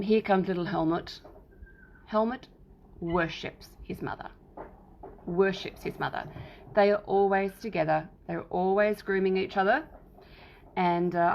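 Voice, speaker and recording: Streaming a cat rescue from her home, a middle-aged Australian woman talks casually and at length about the kittens, chatty and rambling, with affectionate baby talk aimed at them. Her voice is fairly low, creaky and darkish. The audio has its highs cut off and slight background noise.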